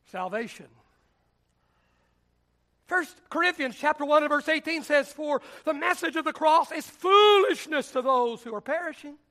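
A pastor preaching a sermon in a church, with a dramatic, repetitive cadence that swings from shouting to hushed whispers. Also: male voice, very high-pitched, lively intonation, normal speed. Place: church sanctuary.

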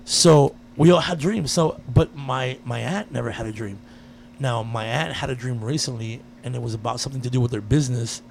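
A man in casual chat, telling a personal story with lively energy and frequent swearing. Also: medium pitch, a little fast, gravelly, a little hiss or hum. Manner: animated storyteller, swears freely.

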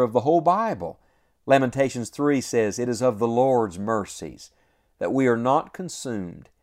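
A man's voice: mid-range voice, a little mellow. A man preaching a devotional sermon, earnest and emphatic, repeating key lines and stretching out their final words. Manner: earnest, emphatic repetition with slow drawn-out endings.

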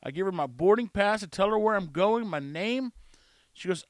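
A man's voice: high voice, lively intonation, moderate pace, dry recording, studio quality. A man ranting in a podcast monologue, getting worked up as he retells a frustrating day with quoted dialogue. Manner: exasperated, gets worked up; repetitive storytelling with quoted dialogue. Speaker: podcast host.

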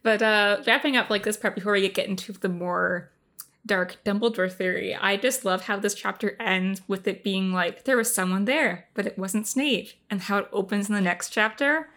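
Bright-voiced woman chatting about books. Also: medium pitch, moderate pace. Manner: eager, casual, hesitant fillers. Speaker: podcast co-host. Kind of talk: casual book discussion.

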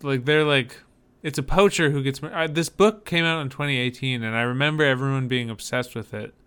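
A man's voice: medium pitch, brisk, a bit bright, clean tone. A man co-hosting a casual chat about movie trailers, rambling with hesitant fillers and dry humor. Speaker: podcast co-host.

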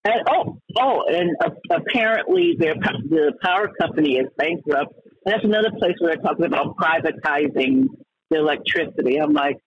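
A man's voice: a little high, lively intonation, moderate pace, slightly rough. A man hosting a radio talk show, ranting heatedly about the news and stumbling over many restarts. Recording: dull lo-fi radio broadcast.

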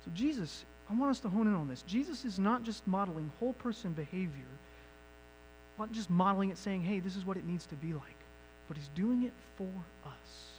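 A man with a high voice preaches a sermon as pastor. He shifts from soft, reflective lines to loud, pressing questions. A faint electrical hum sits under the recording. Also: expressive, a little fast, rough recording. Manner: builds from quiet reflection to loud emphatic questions.

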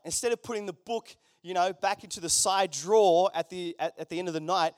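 A man's voice: sits high, dry recording, studio quality. A man preaching a conversational sermon, with joking asides to the congregation in a church. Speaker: pastor.

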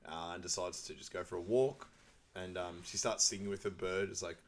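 Young man, casual film chat, fairly low voice, laughs a lot, podcast co-host. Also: steady tone, a little fast. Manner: laughs often, quotes characters in high put-on voices.

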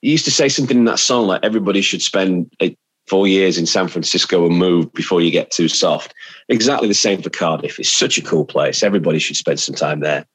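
Brief: middle-aged English man, husky and low, dry close mic, chatty storyteller. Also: brisk, dry recording, low-quality recording. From England. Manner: chatty storyteller, animated anecdotes. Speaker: radio presenter, podcast guest. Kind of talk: casual chat.

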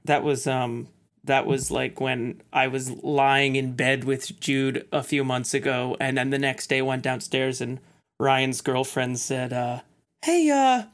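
A man telling a relaxed anecdote on a casual podcast, laughing along. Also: medium pitch, unhurried. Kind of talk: casual chat.

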